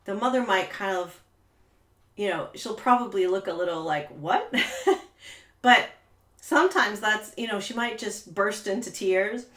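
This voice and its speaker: A woman trauma therapist speaks casually to camera, rambling a little with frequent fillers. Her voice sits at a middle pitch, and the room around her rings with noticeable echo. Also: animated, a little slow, a bit bright. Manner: conversational, many "you know" fillers, acts out quoted voices. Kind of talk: talking-head coaching video. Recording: roomy echo.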